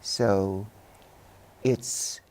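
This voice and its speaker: An older man, a Broadway actor giving a studio interview, speaking in measured, oratorical phrases. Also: lowish voice, steady tone, a little mellow.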